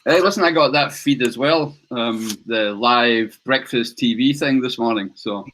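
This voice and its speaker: Relaxed Scottish man, a joking guest. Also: medium pitch, unhurried, a little hiss or hum, low-quality recording. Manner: relaxed and joking, laughs easily. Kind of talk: casual video-call chat.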